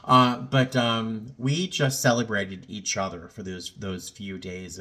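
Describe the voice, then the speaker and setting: Low-voiced man, rambling and choked up. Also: flat delivery, pushed and bright. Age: middle-aged. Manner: rambling, reflective, halting with many fillers. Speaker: vlogger. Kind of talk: casual personal vlog.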